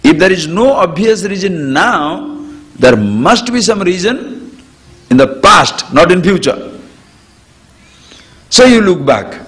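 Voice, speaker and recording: Animated man giving a discourse. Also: high voice, slow pace, long pauses. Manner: animated, chuckles often, acts out everyday examples. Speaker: spiritual teacher. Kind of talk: spiritual discourse to an audience.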